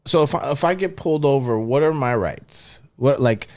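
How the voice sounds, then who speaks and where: A man hosting a podcast, asking questions in an animated, joking way and acting out scenes. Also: medium pitch, moderate pace. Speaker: podcast host. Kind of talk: casual podcast conversation.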